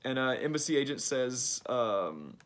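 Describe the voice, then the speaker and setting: A man's voice: medium pitch, steady tone, quick pace, gravelly. A young man giving a casual summary of a book he read, chatty and full of fillers like "like" and "uh".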